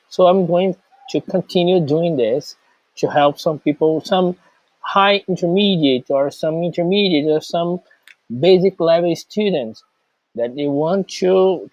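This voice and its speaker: Guy teaching english words real slow, dry and a bit muffled sound. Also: on the high side, a little mellow, dry recording. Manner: speaks slowly, listing words with pauses. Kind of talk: slow vocabulary lesson. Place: outdoors, rain starting.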